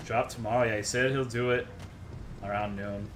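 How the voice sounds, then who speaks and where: A man's voice: lowish voice, fairly even intonation, normal speed, a little hiss or hum. A man streaming a game, ranting to his chat in a worked-up, profane way. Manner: profane, worked-up, swears constantly.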